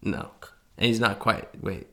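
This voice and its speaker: Bright-voiced young man, chatty. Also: on the low side, unhurried. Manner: chatty, eager, finishes his co-host's sentences. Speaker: podcast co-host. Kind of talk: casual chat.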